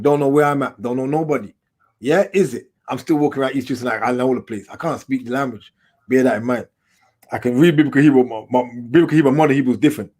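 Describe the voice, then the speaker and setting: A man talks quickly in relaxed street slang, piling one story onto the next. He is middle-aged, and his voice sits at a medium pitch. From England. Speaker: documentary filmmaker, guest. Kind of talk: casual storytelling interview.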